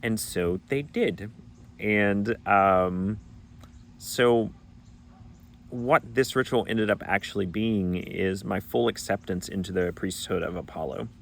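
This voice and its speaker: A man with a fairly low voice tells a long personal story in an earnest, reflective way. He is from Arkansas, and now and then he acts out remembered conversations in his own voice. The pace of his telling stays calm. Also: takes it slowly, gravelly, a little hiss or hum. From Arkansas, United States. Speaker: pagan vlogger.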